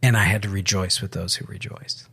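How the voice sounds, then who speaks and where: Husky-voiced man telling a pastoral story. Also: low voice, fairly even intonation, brisk, a bit bright. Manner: storytelling with many restarts and quoted dialogue. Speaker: podcast co-host, pastor. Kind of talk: casual spiritual podcast conversation.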